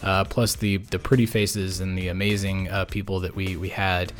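A man's voice: deep voice, level tone. Weary, rambling man hosting a podcast. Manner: rambling, halting, many fillers and restarts; mumbling. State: burned out, exhausted. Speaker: podcast host. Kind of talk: casual podcast sign-off.

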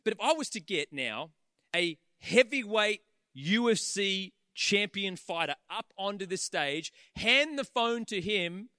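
A man preaching a sermon in church, animated and conversational, acting out the voices of the people he talks about. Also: sits high, a little slow, no room sound, studio quality.

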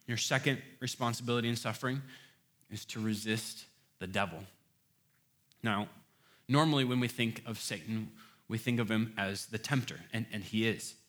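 Preaching with a medium-pitched voice, this man speaks emphatically and tends to repeat words as he begins a phrase. His sermon climbs toward loud rhetorical questions.

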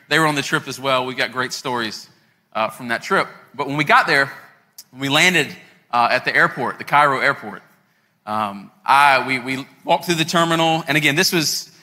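A pastor in his thirties, with a medium-pitched and sharp-toned voice, preaches a sermon in a church sanctuary. He tells a story conversationally, addressing the congregation directly. The recording has a long hall reverb and faint music.

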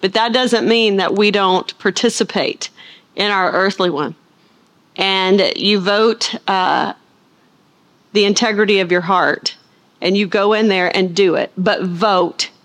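Chatty, animated woman Bible teacher. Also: mid-range voice, slow. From United States. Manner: rambling, animated storytelling with playful asides. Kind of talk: chatty sermon intro to a live audience.

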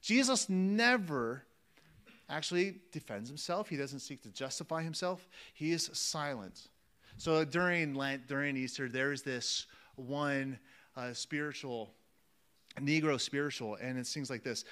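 A man's voice: mid-range voice, unhurried, a bit bright. A man preaching a sermon, emphatic and repeating phrases for weight, calling his listeners friends.

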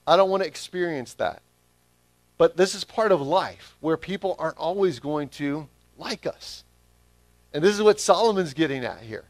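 A man's voice: a little high, animated, moderate pace, darkish tone, no room sound. A man preaching a sermon, stressing his key phrases by repeating them back to the congregation. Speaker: pastor.

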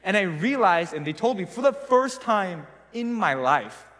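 Raised-voice storyteller preaching in a reverberant hall. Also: male voice, high-pitched, a little slow. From South Korea. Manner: animated storytelling, casual and self-mocking. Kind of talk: sermon. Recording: long reverb of a large hall.

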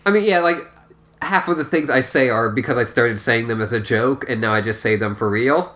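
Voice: medium pitch, brisk, a bit bright. A podcast co-host chatting casually and joking while adding details to a recap.

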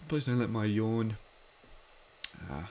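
A man's voice: on the low side, takes it slowly, warm tone, slight background noise. A man giving a casual watch-along commentary of an episode, chatty and rambling with lots of filler words.

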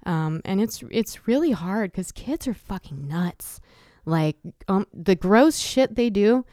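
A woman's voice: medium pitch, lively intonation, slow, warm tone, no echo, clean studio sound. A woman in her thirties hosting a casual chat, talking candidly with frequent swearing and laughter. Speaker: podcast host.

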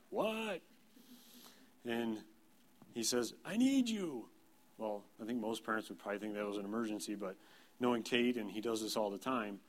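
A man in his thirties, a pastor, giving a sermon in a plain, conversational storytelling way, self-deprecating. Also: mid-range voice. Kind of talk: sermon with personal anecdotes.

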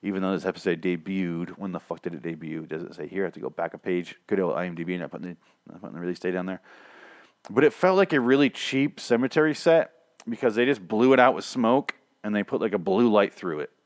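With a low-pitched voice, lively intonation, and a quick pace, a young man recaps a TV episode alone on his casual show. He gripes, swears, and rambles, restarting often. There is no room sound.

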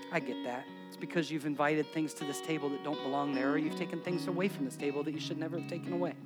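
A pastor preaching a sermon and leading a closing prayer, moving between impassioned preaching and soft, intimate prayer. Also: male voice, fairly high pitch. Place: church service with band playing. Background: live guitar music.

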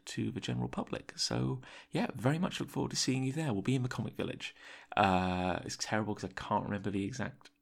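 A man hosting a podcast, delivering a whispered solo interlude in a hushed, raspy voice with many fillers. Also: fairly low pitch. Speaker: podcast host. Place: editing suite, early morning.

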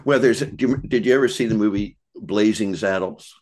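A man's voice: lowish voice, moderate pace, darkish tone. A man talking as a podcast guest in casual conversation, reflective and searching for his words.

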